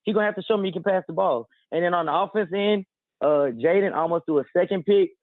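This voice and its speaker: A man's voice: sits high, quick pace, no echo. A man calling a sports radio show, breaking down the game at length over a phone line. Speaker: caller.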